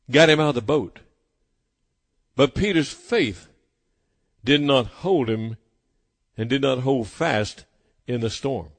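A fairly high-voiced man delivers a sermon in an emphatic, insistent way, circling back to the same phrases to press them home. His voice rings out with a long, lingering reverb, as if filling a large hall. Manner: emphatic, repeats phrases for weight. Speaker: preacher.

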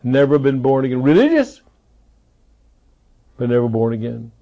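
A man preaching a sermon, repeating key phrases for emphasis and swinging between loud rises and low, quiet drops. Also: flat delivery, fast, muffled recording.

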